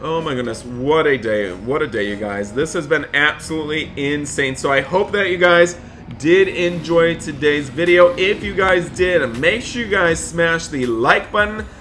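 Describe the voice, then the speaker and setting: A young man hosting a gaming roleplay as a father, excitable and talking straight to viewers, given to repeated exclamations. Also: fairly high pitch, moderate pace, a little hiss or hum. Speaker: gaming channel host playing a father. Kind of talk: casual roleplay gameplay commentary.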